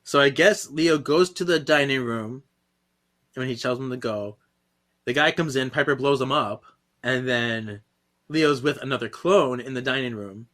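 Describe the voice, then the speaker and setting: A man's voice: mid-range voice, normal speed, a bit bright. A man co-hosting a podcast, recapping comic panels in a casual, laughing way. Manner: laughs often, walks through panels. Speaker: podcast co-host. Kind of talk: casual comic book discussion.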